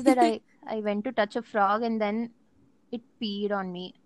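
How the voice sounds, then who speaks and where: A young woman co-hosting a casual podcast, excitable and mock-scolding. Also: mid-range voice, moderate pace, very noisy. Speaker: podcast co-host. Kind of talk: casual chat among friends.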